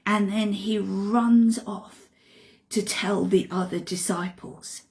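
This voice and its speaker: A woman retelling a Bible story in an expressive way, dropping to hushed asides. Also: mid-range voice, slow pace.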